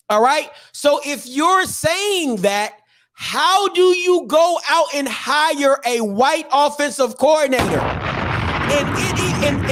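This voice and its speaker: A man's voice: extremely high pitch, a bit bright. A man hosting a sports opinion show, talking emphatically and repeating himself for effect. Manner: emphatic, repetitive, keeps asking "all right?". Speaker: host.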